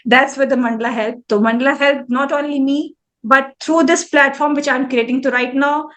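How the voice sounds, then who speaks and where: A woman's voice: high voice, fairly even intonation, normal speed, a bit bright. A woman in her forties, an interview guest, telling her story earnestly and reflectively to a live audience, often restarting phrases. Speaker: interview guest, mandala artist.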